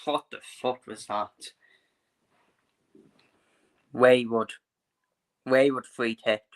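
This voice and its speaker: A man's voice: mid-range voice, steady tone, very slow. A man hosting a live football watchalong, chatting bluntly and casually, swearing freely and repeating himself.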